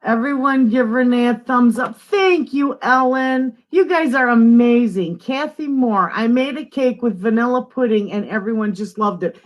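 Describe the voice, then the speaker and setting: Chatting casually on her homestead live stream, an older northern Michigan woman welcomes viewers and reads out their comments. She speaks at a normal speed with few pauses, her voice on the high side, recording at home away from the living room.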